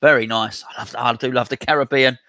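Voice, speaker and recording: A man's voice: medium pitch, fairly even intonation, fairly quick, bright, forceful tone, no room sound. A man hosting a casual live stream, chatting and reading out viewer comments as he replies. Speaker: host reading live chat.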